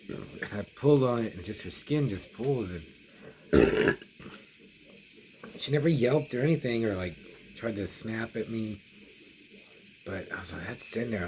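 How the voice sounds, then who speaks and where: A man's voice: lowish voice, darkish tone, a little hiss or hum. A middle-aged man casually telling a long story for his horror review vlog, rambling with many restarts and quoted asides. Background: music.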